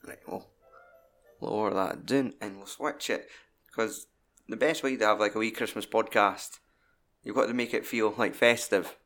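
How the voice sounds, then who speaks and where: Gravelly Scottish man hosting a podcast. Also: on the low side, moderate pace, a bit bright, soft background music. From Scotland. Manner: sweary, jokey banter. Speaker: podcast host. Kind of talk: casual chat.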